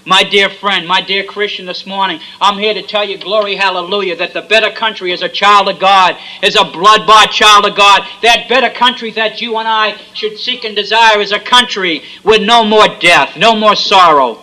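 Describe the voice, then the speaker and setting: A man's voice: high-pitched, normal speed, few pauses, sharp tone, low-quality recording. A man preaching a fervent sermon, with repeated refrains and frequent amens.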